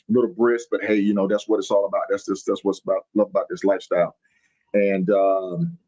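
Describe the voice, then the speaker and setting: A man's voice: on the low side, a little mellow, lo-fi sound. A middle-aged man hosting a live podcast from the road, folksy and hyped, greeting viewers by name over and over. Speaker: podcast host. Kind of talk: live-streamed podcast chat. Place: on the road while traveling.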